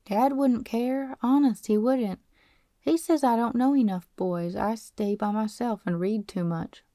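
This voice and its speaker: A woman's voice: fairly high pitch, a little slow, mellow, no echo, clean studio sound, pitched above the performer's own voice. A woman voicing an eager, shy rich teenage boy who pleads in a raised, boyish tone. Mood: pleading.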